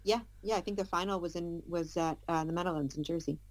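A woman's voice: fairly low pitch, fairly even intonation, fast, no echo. A woman talking as a football pundit on a casual podcast, scattered and self-deprecating with restarts. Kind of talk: casual panel chat.

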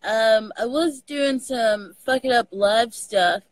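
Texan woman, high and dry. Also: slow pace, no echo. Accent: Southern US, Texan. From Texas. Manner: laughing, animated storytelling. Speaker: guest. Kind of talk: casual chat over a video call. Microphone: video call.

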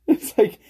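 A man chatting casually on a podcast, telling animated stories and laughing often. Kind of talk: casual chat.

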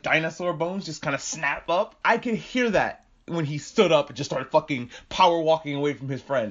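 A man's voice: on the high side, a bit bright, muffled recording. A man hosting a podcast, recapping an episode in casual, swearing, jokey chat. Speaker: podcast host.

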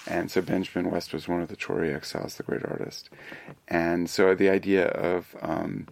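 Deep, gravelly older American man. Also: no echo. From United States. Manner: dry, wry humor, digressive and thoughtful. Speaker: film director being interviewed. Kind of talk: relaxed interview answers.

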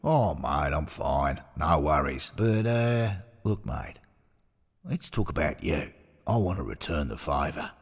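A man doing a steady, matey football supporter. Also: very deep voice, unhurried, slightly rough, long reverb tail, heavily acted. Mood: reassuring. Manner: reassuring, matey.

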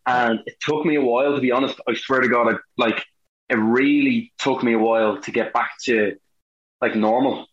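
A man's voice: medium pitch, moderate pace, roomy sound, muffled recording. An Irish man, an actor being interviewed, chatting casually and acting out the quotes in his stories. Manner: animated storyteller, acts out quotes. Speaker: guest, actor. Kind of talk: casual chat.

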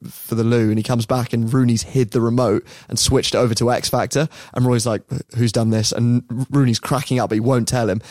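A man tells a sports story in a relaxed, chatty way, laughing often and slipping into voices for quotes. His voice sits mid-range and the sound is dry and close. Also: medium pitch, dry recording. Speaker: podcast host. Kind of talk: casual storytelling chat.

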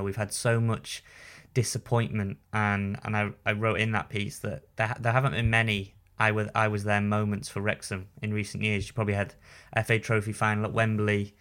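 A man co-hosting a podcast in casual chat, talking haltingly with many restarts and repeated words. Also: on the low side, flat delivery, a bit bright. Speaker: podcast co-host, newspaper writer.

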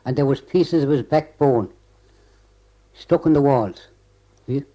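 A man's voice: mid-range voice, a little slow, dark tone, lo-fi sound. An older Irish man recounting a long memory in an interview, rambling and constantly repeating "he said" and restarting his phrases. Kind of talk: oral history recollection.

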